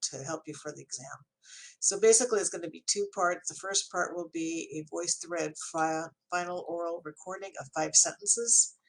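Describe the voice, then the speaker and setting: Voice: mid-range voice, creaky, a bit bright. An ESL teacher giving a recorded online lecture to students, talking in an encouraging way with frequent fillers.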